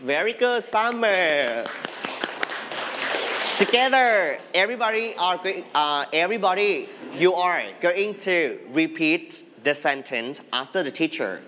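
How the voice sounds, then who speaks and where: Thai-accented male English teacher, fairly high voice, patient drill-style delivery in a classroom. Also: animated, sharp tone, a little hiss or hum. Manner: patient, coaxing, slows down to model words. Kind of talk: classroom lesson with call-and-repeat drills.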